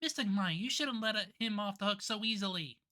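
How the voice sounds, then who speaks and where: A woman voicing an excitable, nosy young woman sidekick who fires off quick questions. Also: mid-range voice, voice pushed up, close to an everyday voice. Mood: scolding. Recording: loud background noise.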